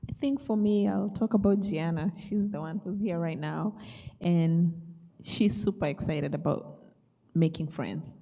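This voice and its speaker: A woman speaks as a parent in a low, dark, mellow voice with a gravelly edge. She talks calmly and plainly. Long room reverb lingers after her words. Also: unhurried. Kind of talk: personal testimony.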